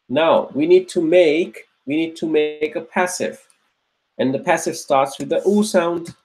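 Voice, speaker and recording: A man's voice: on the high side, darkish tone. A man teaching an Arabic grammar class, patiently repeating words aloud and checking that his students are following. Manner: patient, drills words by repeating them slowly.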